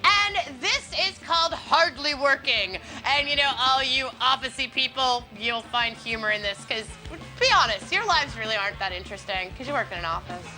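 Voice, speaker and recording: A woman's voice: high-pitched, animated, normal speed. A young woman hosting a comedy show, chatty, sarcastic and rambling, often breaking into giggles. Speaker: host. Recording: old VHS TV recording with music.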